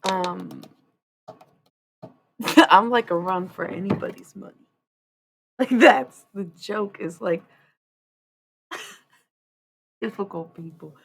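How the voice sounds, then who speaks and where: A woman streamer chatting casually, rambling and swearing, swinging between loud and hushed. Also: mid-range voice, slow pace, creaky, pauses often, a little hiss or hum. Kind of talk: casual live-stream chat.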